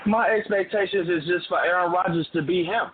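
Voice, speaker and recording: A man's voice: high voice, fairly quick, husky. A man calling in to a sports talk show, fired up and emphatic, repeating lines for effect. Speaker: caller. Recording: phone line with crowd behind.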